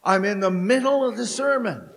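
A middle-aged man preaching a sermon in church, telling stories with dramatic pauses. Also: sits high, expressive, creaky, fairly bright tone. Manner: slow, storytelling delivery with dramatic pauses. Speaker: pastor. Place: church sanctuary.

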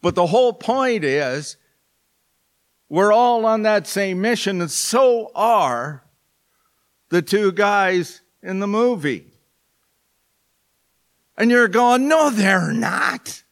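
A man's voice: high-pitched, expressive, slow pace, long pauses. A male pastor preaching a sermon in church, with joking, folksy asides to the congregation.

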